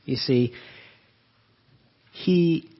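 A man preaching an earnest Easter-season sermon to his congregation, his voice swelling and then dropping soft. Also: a little high, extremely slow, lo-fi sound. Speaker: pastor.

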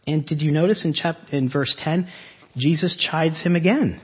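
In a dull lo-fi recording, a man delivers a conversational sermon, frequently asking his audience rhetorical questions. His voice sits on the high side and sounds husky and expressive, with a slightly slow pace.

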